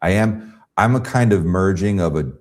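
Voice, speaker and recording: A man's voice: low-pitched, normal speed. A man, a guest pastel artist in a casual interview, telling stories with animation and acting out other people's voices. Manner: animated storyteller who acts out quoted voices.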